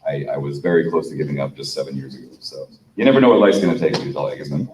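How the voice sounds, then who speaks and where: A man with a very deep voice tells a loose, rambling story as a guest on a convention panel. He is picked up from a distance in an echoey room, with a faint hum underneath. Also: rapid-fire, darkish tone. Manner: rambling, many fillers and restarts.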